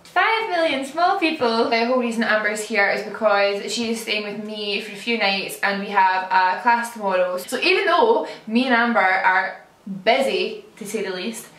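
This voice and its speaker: A woman's voice: medium pitch, normal speed, fairly bright tone. A young adult woman with a Scottish accent, a YouTube host chatting casually and giggling easily. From Scotland. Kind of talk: casual chat. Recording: echoey room, off-mic.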